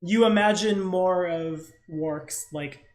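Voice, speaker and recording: A man narrating as game master of a tabletop game, casual and rambling, with a teasing edge. His voice sits a bit higher than most men's. It rings in an echoey room. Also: slow pace.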